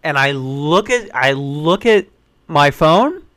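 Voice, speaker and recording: A man telling a funny personal story in casual, profane, animated style. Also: fairly high pitch. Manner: profane, animated, acts out voices, rushes when excited.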